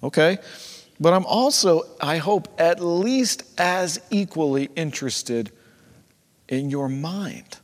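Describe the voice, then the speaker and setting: A man preaching in a church. His voice sits a little high for a man, and it rises and falls a lot as he talks in a loose, conversational way and acts out the people in his story. The sound carries a long reverb from the sanctuary. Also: slow. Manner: conversational, animated preaching with acted-out quotes. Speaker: pastor. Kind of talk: sermon.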